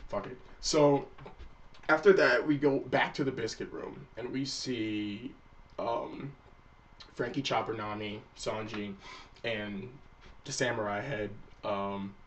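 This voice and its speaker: A man's voice: fairly low pitch, takes it slowly, distant mic, highs cut off, a little hiss or hum. Casual, profane man recapping an anime episode. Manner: loose and profane, acts out characters' lines. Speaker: anime review vlogger.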